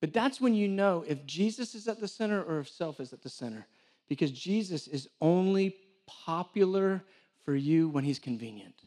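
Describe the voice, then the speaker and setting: A man delivers a sermon, his voice sitting unusually high for a man. He tells stories in an animated way, poking fun at himself along the way. He is speaking in a church before a live congregation. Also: moderate pace. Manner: animated storytelling with self-deprecating humor. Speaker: church director and preacher. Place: church hall with a live audience.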